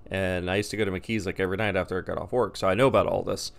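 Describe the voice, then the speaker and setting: Gravelly low-voiced man ranting. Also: fairly even intonation, very fast. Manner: rambling, profane, blunt. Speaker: vlogger. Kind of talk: casual rant to camera.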